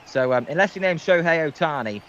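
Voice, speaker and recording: A man's voice: on the high side, lively intonation, fairly quick, a bit bright, dull audio, slight background noise. A man calling baseball play-by-play on a livestream, hesitant and full of filler ums. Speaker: guest play-by-play commentator.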